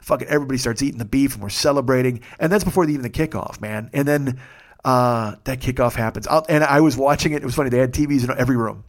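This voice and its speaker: A man hosting a podcast, from the Chicago area, telling a casual, profane story that swells loud when he gets excited. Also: medium pitch, fast talker. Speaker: podcast host.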